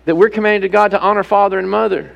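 Guy preaching a sermon, kinda high voice with lots of gravel, keeps throwing questions at the crowd. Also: steady tone, fast, fairly bright tone, lo-fi sound. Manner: emphatic preaching with rhetorical questions. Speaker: pastor.

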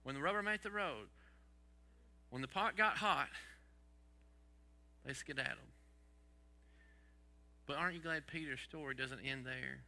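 Pastor guy preaching, kinda high voice, a little gravelly, keeps asking the crowd questions. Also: unhurried, pauses often, pushed and bright. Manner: asks the congregation rhetorical questions; folksy sayings. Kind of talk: sermon.

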